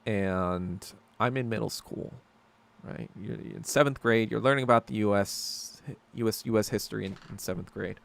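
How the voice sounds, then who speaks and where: A man's voice: fairly low pitch, moderate pace, vocal fry. A man hosting a casual podcast chat, rambling and sarcastic, swearing often as he reads and answers viewer comments. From New York. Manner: rambling, profane, sarcastic ranting. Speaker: podcast host.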